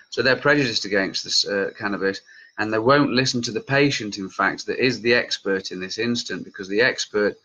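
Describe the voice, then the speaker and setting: Passionate man with a forceful voice. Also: fairly low pitch, fairly quick, highs cut off. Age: late 30s. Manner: passionate, heated, talks straight to viewers. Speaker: cannabis campaigner and group leader. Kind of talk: vlog commentary reacting to news.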